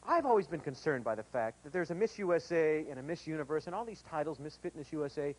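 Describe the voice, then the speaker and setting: A man's voice: a little high, expressive, fast, a little mellow, rough recording. A man hosting a kids' TV game show in a studio with a live audience, bantering playfully.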